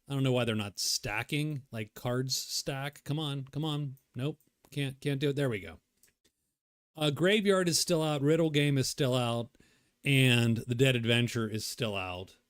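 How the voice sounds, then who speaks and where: Guy rambling to himself thru a solo board game, kinda mid pitch, dry close sound. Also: no room sound. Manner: thinking aloud, rambling, self-muttering. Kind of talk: casual solo playthrough commentary.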